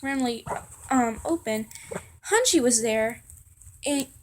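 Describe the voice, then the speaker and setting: A young woman reading a second-person fan story aloud in a halting way, with fillers and restarts. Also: on the high side, a little hiss or hum.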